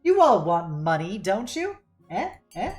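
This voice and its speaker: A woman's voice: medium pitch, sing-song, measured pace, a little mellow, faint music behind. A woman streaming a game live, reading its text aloud in a playful, mock-dramatic way and laughing often.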